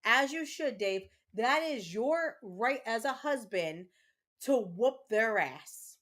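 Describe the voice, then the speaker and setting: A woman's voice: on the high side, expressive, slow, fairly bright tone. A woman streamer, a mother, angrily ranting to her chat while playing a game, swearing and repeating herself. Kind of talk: casual livestream chat while gaming.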